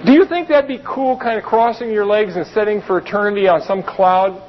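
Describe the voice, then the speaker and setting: A man with a very high voice preaching a sermon. He reads Bible verses and breaks into plain, chatty explanations. The recording sounds dull and lo-fi. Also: brisk, slight background noise. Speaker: pastor.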